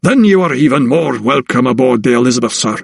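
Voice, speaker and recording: A man voicing an affable, weathered middle-aged sea captain with a Scottish brogue, speaking slowly and drawing out his words. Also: medium pitch, animated, vocal fry, slightly rough, no echo, clean studio sound.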